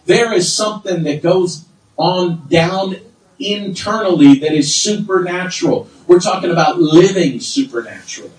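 Man, middle-aged, pastor, fervent sermon, roomy sound from a distance. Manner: fervent preaching, swinging from low asides to loud high exclamations.

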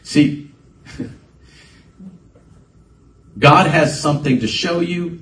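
A man's voice: on the high side, very slow, fairly bright tone, a little hiss or hum. Echoey pastor preaching, man. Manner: conversational preaching with rising emphatic bursts. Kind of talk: sermon. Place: church sanctuary. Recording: echoey room, voice from a distance, faint ambience.

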